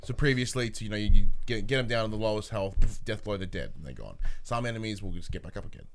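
A man's voice: fairly low pitch, lively intonation, fast talker, creaky. A young man, hosting a casual gaming chat in a rambling, self-deprecating way with casual swearing. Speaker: podcast host.

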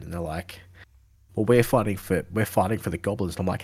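A man co-hosting a casual gaming podcast, telling animated stories, swearing freely and acting out characters' lines. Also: low voice, fast talker, gravelly, husky. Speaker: podcast co-host. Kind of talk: casual chat.

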